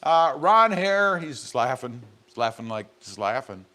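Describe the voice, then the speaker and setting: A man's voice: mid-range voice, big pitch swings, measured pace, bright, forceful tone. A man hosting a casual live stream from his garage, reading viewer comments aloud and joking around. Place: home garage.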